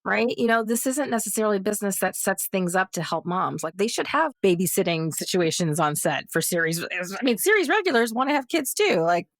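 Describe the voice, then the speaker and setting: A woman, a guest actress on a podcast round table, telling a personal story in a lively way and acting out the other people's voices. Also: mid-range voice, a little fast, hardly any pauses, no echo, clean studio sound. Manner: animated, acts out quoted voices.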